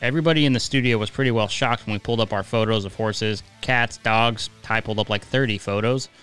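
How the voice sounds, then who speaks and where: A man's voice: lowish voice, quick pace, fairly bright tone, clear, resonant tone, soft background music. A man hosting a podcast, chatting casually and bluntly with a guest in the studio. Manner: blunt, chatty, says what he thinks. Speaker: podcast host.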